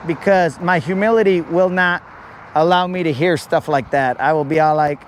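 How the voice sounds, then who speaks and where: A man's voice: sits high, moderate pace, a little hiss or hum. A man hosting a fishing livestream outdoors by a shoreline, rambling and joking with his chat in a casual way. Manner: rambling, jokey, talks to chat as bros. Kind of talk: casual live-stream chat while fishing. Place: outdoors by a riprap shoreline near a road.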